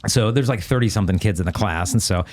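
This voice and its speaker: A man's voice: lowish voice, fast talker. Middle-aged man telling stories. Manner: lively anecdotes with frequent restarts. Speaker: guest speaker. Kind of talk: casual podcast storytelling.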